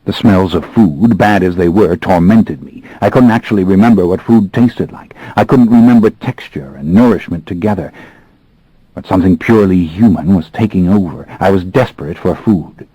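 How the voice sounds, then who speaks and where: A man narrating an audiobook in the first person, with a brooding, measured delivery and expressive pacing. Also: low-pitched, breathy edge, no echo, poor audio.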